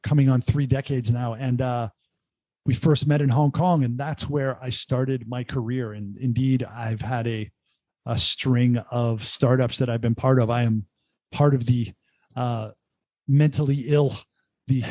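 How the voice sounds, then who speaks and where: A middle-aged man, an entrepreneur guest, telling his story in a casual podcast interview with animated, joking asides. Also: medium pitch, unhurried, no echo. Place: remote call.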